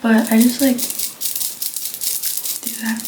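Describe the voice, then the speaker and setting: A slightly hoarse young woman chatting casually through a makeup tutorial, rambling and full of fillers, recorded on a phone camera at home. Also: on the high side, flat delivery, takes it slowly. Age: young adult. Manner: rambling, filler-heavy, offhand. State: slightly hoarse, coming down with a cold. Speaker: beauty vlogger. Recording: echoey room with clear background noise.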